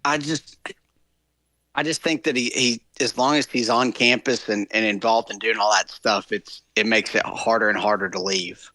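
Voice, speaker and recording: A man on sports talk radio, speaking haltingly with frequent restarts. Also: on the low side, steady tone, bright, forceful tone, no echo.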